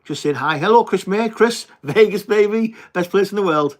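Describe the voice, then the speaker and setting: A young man with a Teesside accent hosts a casual livestream, chatting to viewers and calling everyone mate. His voice sits a little high for a man, and his talk is loose and blokey with the odd swear word. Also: moderate pace. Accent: Teesside English. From England. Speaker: livestream host. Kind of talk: casual livestream chat reading viewer comments.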